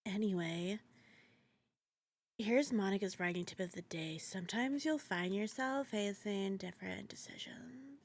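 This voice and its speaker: Monika, a hushed calm schoolgirl, as a woman reads her aloud. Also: mid-range voice, natural voice. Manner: hushed, slow, half-whispered delivery. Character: soft-spoken teen girl club president, calm. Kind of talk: reading game dialogue aloud.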